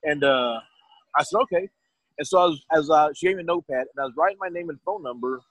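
Middle-aged male guest, husky and dry, rambles through a casual anecdote. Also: a little high, quick pace, fairly bright tone, no echo, rough recording. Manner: rambling, restarts, quotes others. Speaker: guest telling his story. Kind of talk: casual storytelling.

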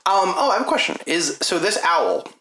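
A man's voice: high-pitched, very animated, fairly quick. A man narrating as game master of a tabletop game, telling scenes vividly and laughing often. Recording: echoey room with background noise.

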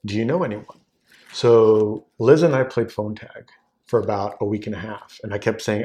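Brief: forties, fairly low male voice, lively storyteller who jumps up high for quotes. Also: moderate pace. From Southern California. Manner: animated, acts out quoted voices with big pitch jumps. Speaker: guest, wine sales executive. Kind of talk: casual anecdotal storytelling.

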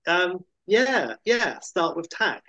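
A man's voice: high-pitched, sing-song, takes it slowly, bright, forceful tone, dry recording. A man chatting enthusiastically about films, rambling and acting out quotes. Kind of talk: casual chat about films. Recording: dull lo-fi sound.

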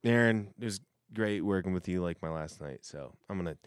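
A man's voice: low voice, brisk, clean tone, dry recording, clean studio sound. A man in a casual chat, reading messages aloud in a rambling, self-interrupting way and laughing often. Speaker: host reading messages from coworkers.

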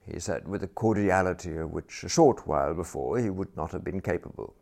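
Deep, gravelly male storyteller. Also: brisk, a little mellow. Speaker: audiobook narrator. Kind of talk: scripted narration of a comic novel.

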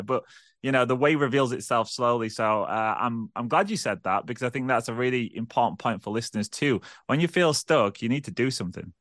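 A man's voice: medium pitch, fairly bright tone, no room sound, clean studio sound. A man hosting a podcast, chatting casually and animatedly, repeating phrases for emphasis. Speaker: podcast host. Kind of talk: casual chat.

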